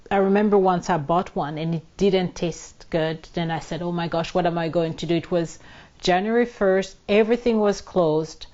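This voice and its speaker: Slow-talking woman cooking at home. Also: lowish voice, a little mellow, highs cut off. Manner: chatty, narrates each step, drops into French. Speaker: cooking show host. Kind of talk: casual cooking demonstration. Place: home kitchen.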